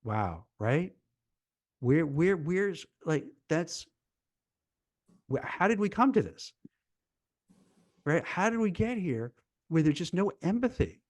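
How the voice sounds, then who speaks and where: Recruiter guy ranting on a live stream, keeps repeating words, kinda high voice. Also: slow, long pauses, no echo. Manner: animated, acts out dialogue in mock voices, repeats words when fired up. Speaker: recruiter and show host. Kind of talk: casual live-stream chat.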